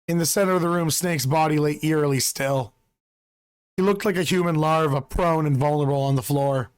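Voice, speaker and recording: A slightly hoarse man hosting a channel, reading a game's story aloud at a steady pace. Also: a little high, a little fast, faint music behind. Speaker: channel host reading a visual novel.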